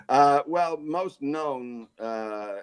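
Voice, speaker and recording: A man in his forties, a voice actor and guest, telling stories in a jokey, relaxed way. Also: mid-range voice, extremely slow, clean tone. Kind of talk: casual interview chat.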